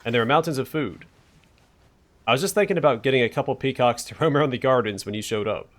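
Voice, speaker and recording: A man's voice: mid-range voice, fast talker, natural voice. A man reading the lines of a cocky, greedy young rogue in a game, talking breezily and teasing. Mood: breezy.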